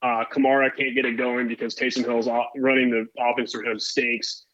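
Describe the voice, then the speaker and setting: A man's voice: mid-range voice, flat delivery, brisk, a bit bright, no echo, dull audio. A man co-hosting a podcast, talking football in a loose, rambling way. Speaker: podcast co-host. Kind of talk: casual sports chat.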